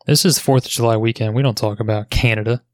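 A man's voice: medium pitch, steady tone, quick pace, no room sound. Wry, joking man in a dry room. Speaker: podcast co-host. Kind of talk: casual chat.

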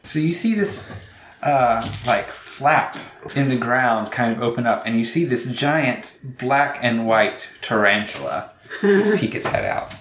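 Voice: mid-range voice, sing-song, measured pace, fairly bright tone. A game master narrating a tabletop game in an easygoing voice, with casual little asides between rolls. The recording is roomy and echoey, with a faint hiss underneath.

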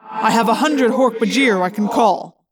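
A woman's voice: a little high, unhurried, crowd noise, close to an everyday voice. A woman voicing a cold, menacing male alien warlord who taunts and commands in a storybook reading. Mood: boastful.

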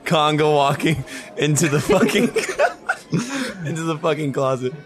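Male player, joking, animated, group noise behind him. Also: fairly high pitch, measured pace, a crowd in the background. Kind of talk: casual tabletop play.

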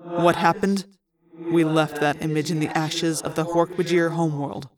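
A fan reader voicing a cold, threatening alien war prince in an audiobook reading, talking low and clipped. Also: fairly even intonation, normal speed, music in the background, close to an everyday voice. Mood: menacing.

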